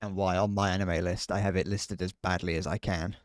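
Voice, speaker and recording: A man's voice: sits low, little pitch movement, a little fast, hardly any pauses, clear, resonant tone, no room sound. A young British man chatting casually on a live gaming stream, rambling with frequent restarts and laughs.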